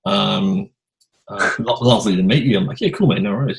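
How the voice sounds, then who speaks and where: A man hosting a podcast, telling a rambling, animated anecdote in casual chat. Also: lowish voice, fairly quick, vocal fry, low-quality recording. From Australia. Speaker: podcast host.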